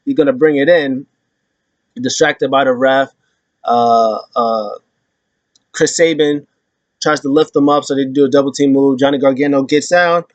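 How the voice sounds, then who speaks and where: A man hosting a casual wrestling recap, retelling events in an animated way and acting out the quotes. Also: mid-range voice, normal speed, long pauses, no echo. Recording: dull lo-fi sound.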